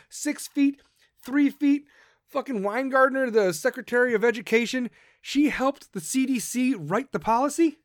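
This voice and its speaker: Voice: mid-range voice, dry recording, clean studio sound. A podcast host delivering a profane, combative political rant.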